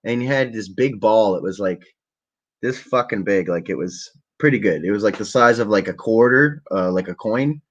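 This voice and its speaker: A young man from the Ottawa area telling a long, profane story in a relaxed, rambling way to a camera at home. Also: fairly low pitch, moderate pace. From Ottawa area, Canada. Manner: rambling, profane, laid-back. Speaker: vlogger. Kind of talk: casual storytelling. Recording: dull lo-fi webcam audio.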